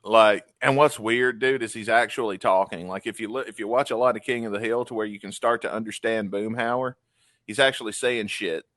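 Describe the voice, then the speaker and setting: A man hosting a podcast, telling a rambling, animated story in casual chat. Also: lowish voice, a little fast, dry recording. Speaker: podcast host.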